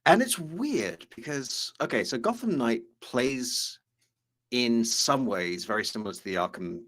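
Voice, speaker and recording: Lively chatty man co-hosting. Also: medium pitch, unhurried. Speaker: co-host. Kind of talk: casual chat about game design.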